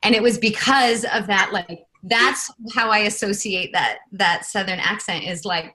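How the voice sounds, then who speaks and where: A woman's voice: medium pitch, moderate pace, hardly any pauses, sharp tone. Enthusiastic woman hosting a podcast. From California. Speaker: podcast host. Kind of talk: podcast interview.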